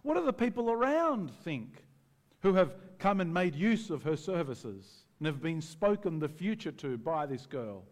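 Animated male preacher in a reverberant hall. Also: fairly high pitch, measured pace. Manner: conversational and animated, acting out voices. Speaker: pastor. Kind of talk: sermon.

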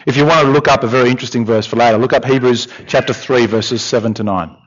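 A man preaching a sermon, expressive, with questions and repeated emphatic lines. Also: mid-range voice, fast. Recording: dull lo-fi recording.

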